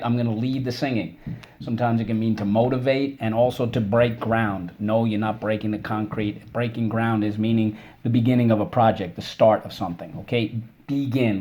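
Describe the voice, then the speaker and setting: Male teacher, mid pitch, encouraging and upbeat, recorded spelling lesson for kids, stretches out syllables in drills. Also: darkish tone, dull audio.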